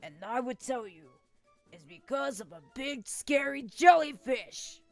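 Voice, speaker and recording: A woman attempting a gruff, deeper male character voice that comes out sounding like an angsty teen. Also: animated, a little slow, no echo, faint music behind, exaggerated voice. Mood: mock-gruff.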